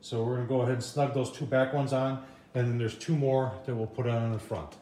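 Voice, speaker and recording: A man's voice: medium pitch, fairly even intonation, brisk, warm tone, a little hiss or hum. A man giving a casual, folksy how-to walkthrough as he puts together a product, talking to viewers as "folks". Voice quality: folksy, chatty, lots of "folks" and "I tell you what". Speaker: product reviewer. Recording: roomy echo.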